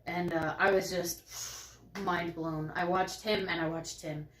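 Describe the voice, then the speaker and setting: This woman speaks slowly and in a steady tone, her voice a bit bright against a reverberant room. She's co-hosting a home live stream, chatting casually and spinning bubbly stories in which she voices herself and others with big leaps in pitch.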